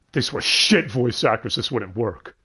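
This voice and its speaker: A man's voice: mid-range voice, lively intonation, normal speed, pushed and bright, husky. A man co-hosting a casual podcast, talking animatedly about an anime dub, swearing freely and laughing often. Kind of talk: casual chat.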